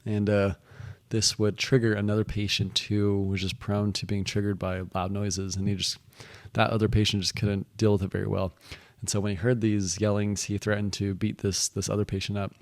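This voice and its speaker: A man's voice: on the low side, little pitch movement, moderate pace, dry recording. A young man casually telling stories about his work, rambling and restarting, with many "he's like" asides. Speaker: vlogger recounting work experiences. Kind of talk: casual storytelling monologue.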